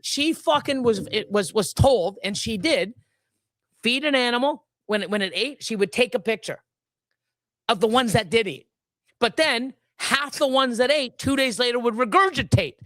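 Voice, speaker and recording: A man's voice: extremely high pitch, expressive, normal speed, fairly bright tone, dry recording. Angry guy on a stream, cussing nonstop, tripping over his words, dry close sound. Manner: swearing, stammering restarts, furious. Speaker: livestream co-host. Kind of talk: heated livestream rant.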